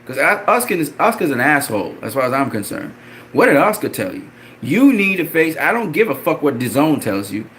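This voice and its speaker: A man's voice: brisk, a little hiss or hum. A man angrily ranting about boxing, profane and repetitive, with mocking jumps in his voice. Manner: animated, mocking pitch jumps. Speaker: boxing commentator. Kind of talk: ranting commentary.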